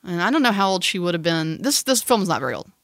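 A woman's voice: lowish voice, very animated, fast talker, a bit bright, no room sound, clean studio sound. A woman co-hosting a podcast, chatting casually and playfully. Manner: chatty, playful, lots of laughing asides. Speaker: podcast co-host. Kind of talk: casual chat.

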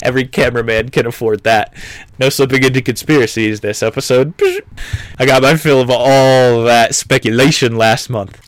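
A man's voice: mid-range voice, fairly bright tone, dry recording. A man in his twenties from the United States gives casual, joking commentary on a book. He swears freely and laughs often as he talks. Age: 20s.

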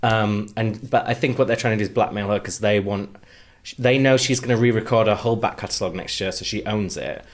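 A man's voice: on the low side, a little fast. A man with a northern English accent co-hosting a podcast in casual, jokey, teasing chat. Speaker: podcast co-host.

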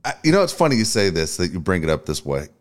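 A man's voice: low-pitched, sing-song, fast. A middle-aged man from San Diego, co-hosting a studio podcast in casual chat, chiming in with questions and stories. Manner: laid-back banter, interjects questions. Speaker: podcast co-host.

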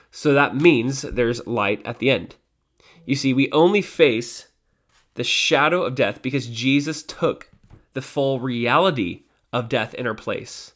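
Brief: male devotional host, mid-pitched voice, casual Bible talk, loose phrasing with fillers. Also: unhurried, fairly bright tone. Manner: casual, with fillers and self-corrections. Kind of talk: conversational Bible teaching.

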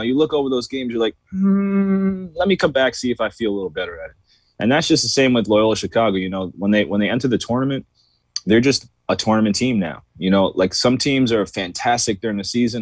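A man co-hosting a sports podcast, rambling in a relaxed way and stopping often to say "you know". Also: fairly low pitch, no echo. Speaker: podcast co-host. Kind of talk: casual sports debate chat.

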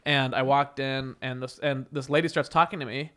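A man co-hosting a casual chat, telling a story in an animated way and acting out the people in it. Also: mid-range voice. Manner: animated storyteller, quick to act out other people.

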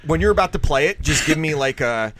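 A man's voice: a little high, lively intonation, fast talker, over a noisy crowd. A man co-hosting a podcast, chatting casually and telling crude, joking stories. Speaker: podcast co-host. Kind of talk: casual chat.

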